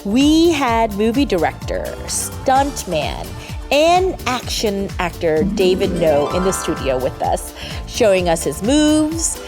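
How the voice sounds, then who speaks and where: A young woman hosting an English-teaching TV interview in a studio, bubbly and quick to laugh, switching into Korean to explain words. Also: mid-range voice, wildly swooping pitch, music in the background. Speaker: TV show host.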